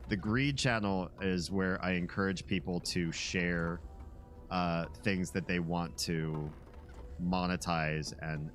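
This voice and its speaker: A man's voice: sits low, a bit bright, slight background noise. A man streaming a game, rambling sardonically to his chat. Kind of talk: casual gameplay commentary.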